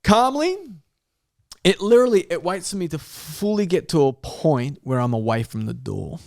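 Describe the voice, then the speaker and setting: Animated man telling a story. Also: on the high side, moderate pace, creaky. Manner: animated storyteller, swears freely, laughs often, acts out dialogue. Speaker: podcast guest. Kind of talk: storytelling in casual podcast chat.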